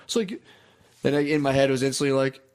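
A man's voice: mid-range voice, fast talker, darkish tone, clear, resonant tone. A young man chatting casually and telling stories, swearing often and acting out quotes. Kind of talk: casual chat, storytelling.

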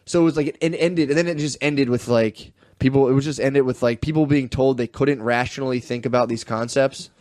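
A young man, a student, chatting casually and retelling a class story with lively, mocking quoted voices. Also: medium pitch, fairly quick, few pauses, dry recording, studio quality. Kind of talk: casual chat.

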